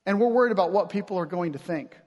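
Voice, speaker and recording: Casual, animated pastor preaching in a reverberant hall. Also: male voice, high-pitched, fast talker, lo-fi sound. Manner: conversational, animated preaching with casual slang and acted-out quotes. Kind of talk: sermon.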